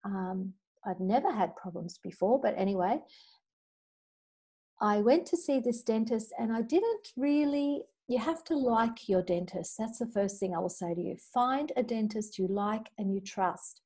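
This is a middle-aged woman leading a healing class, with a mellow, warm tone. She talks in an earnest, chatty way and shares personal stories. Every so often she rattles off a long recited clearing formula at speed. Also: medium pitch, expressive, unhurried. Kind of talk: spoken teaching talk with clearing statements.

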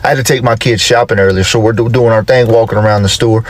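Animated man telling funny stories. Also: lowish voice, quick pace. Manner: animated, exclaiming. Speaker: comedic storyteller. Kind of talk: comedic storytelling.

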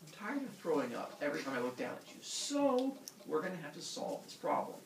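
A man's voice: fairly high pitch, very animated, fairly quick, reverberant, recorded from a distance, a little hiss or hum. A man doing grumpy, squeamish Father Sky. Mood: exasperated. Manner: blunt, exasperated.

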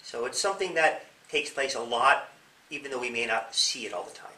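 Animated police officer in an echoey room. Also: male voice, mid-range voice, fairly quick, a little hiss or hum. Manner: animated, explaining with questions and acted-out examples. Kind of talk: interview giving advice to young people. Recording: echoey room, mic at a distance.

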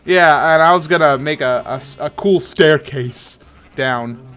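A man's voice: on the high side, unhurried, fairly bright tone, smooth. A playful American man chatting casually while he builds in a game. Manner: playful, giggly. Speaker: game co-host. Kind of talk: casual gaming chat.

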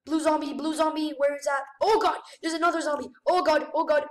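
A high-pitched woman narrates her gameplay with excited gasps and exclamations. Her voice rings in an echoey room, picked up from a mic set some distance away. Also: fairly quick. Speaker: gamer. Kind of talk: gameplay commentary.

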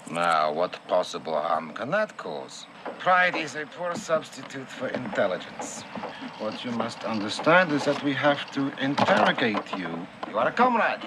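An actor with a Russian accent playing a cold, calculating Soviet colonel who questions a prisoner in measured, clipped, politely menacing speech, heard through a noisy film soundtrack. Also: male voice, mid-range voice, big pitch swings, natural voice. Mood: cold menace.

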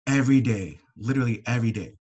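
A man's voice: medium pitch, fast talker, a little mellow, lo-fi sound. Young guy getting emotional on a panel, talks from the heart, cusses when he's mad. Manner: heartfelt, swears when upset. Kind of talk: emotional personal sharing.

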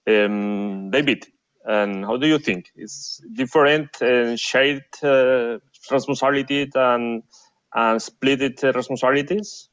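A man who is a native Spanish speaker, moderating a panel in halting English with filler sounds. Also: mid-range voice, smooth, no room sound, lo-fi sound. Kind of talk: panel discussion.

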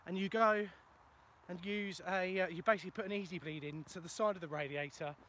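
Tradesman host, raised pitch, self-mocking, casual live-stream chat in the open countryside. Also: fairly even intonation, a little fast, a bit bright, slight background noise. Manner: chatty, self-mocking, answers viewer questions. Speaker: plumber and video host. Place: outdoors in a ploughed field in the countryside. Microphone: phone for a live video.

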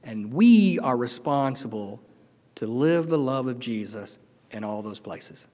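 A middle-aged man preaching a sermon as pastor, earnest and emotional, swinging from loud declarations to hushed, tender moments. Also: mid-range voice, lively intonation, a little slow. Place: church sanctuary. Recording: long hall reverb.

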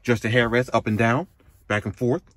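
A man's voice: medium pitch, steady tone, moderate pace, a bit bright, dry recording. A man reviewing a pickup truck at a dealership, calling out its features in short, casual phrases. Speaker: car reviewer. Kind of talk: casual car walkaround commentary. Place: car dealership lot and inside a truck.

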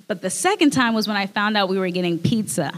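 A woman's voice: mid-range voice, animated, quick pace. Earnest woman testifying in a reverberant hall. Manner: earnest and emotional, with frequent restarts and laughs. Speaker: speaker sharing a communion message. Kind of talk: personal testimony at a church service.

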